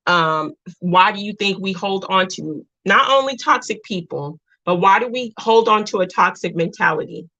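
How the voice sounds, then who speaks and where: A woman's voice: medium pitch, animated, normal speed, hardly any pauses, sharp tone, highs cut off. A woman hosting a casual live stream, speaking earnestly and repeating her points, close to tears. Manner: earnest, repeats herself, reads viewer comments.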